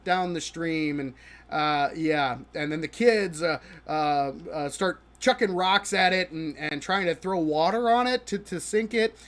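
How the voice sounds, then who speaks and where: A man's voice: on the high side, a bit bright. A man hosting a live stream, talking through a show he disliked while he plays a game. He is exasperated and mocking, laughs often, and stumbles and restarts his sentences a lot. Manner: halting with many restarts. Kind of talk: live-stream reaction commentary while gaming.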